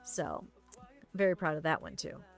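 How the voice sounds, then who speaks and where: A woman's voice: deep voice, normal speed, vocal fry, faint music behind. A woman streamer chatting casually, telling stories while she paints and acting out the lines of the people in them. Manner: animated, acts out quoted lines.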